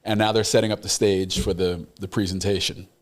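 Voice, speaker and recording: A man guesting on a relaxed chat show tells a story from work with a low voice. He is animated and pokes fun at himself as he goes. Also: a little fast. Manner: animated, self-mocking storyteller. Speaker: baseball broadcast manager, podcast guest.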